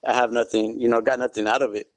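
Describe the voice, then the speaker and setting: A middle-aged man, a guest in an interview, telling his story in a relaxed, good-humored way and saying "you know" often. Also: mid-range voice, quick pace, dry recording. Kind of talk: casual interview.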